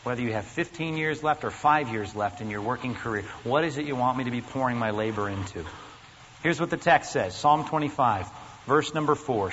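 A man's voice: medium pitch, fairly quick, a bit bright. A pastor preaching an earnest, emphatic sermon, asking his listeners questions as he goes. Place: church sanctuary. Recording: dull, lo-fi recording in a large reverberant hall with faint noise.

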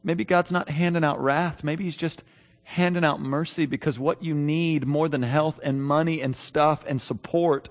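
A man's voice: fairly high pitch, fairly even intonation, normal speed, in a large hall. A middle-aged man preaching a sermon, telling a story in a loose, conversational way and then building to emphatic preaching. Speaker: pastor.

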